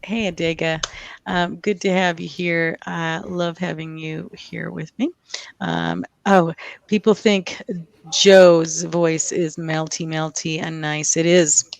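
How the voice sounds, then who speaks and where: Gravelly-voiced woman hosting a livestream. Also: on the low side, takes it slowly, no room sound. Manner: chatty, giggly, scattered. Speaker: host. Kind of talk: casual livestream chat.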